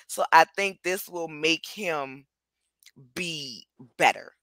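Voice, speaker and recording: A woman's voice: deep voice, slow, fairly bright tone, no room sound. A woman hosting a casual chat reviewing reality TV, talking bluntly and candidly at length.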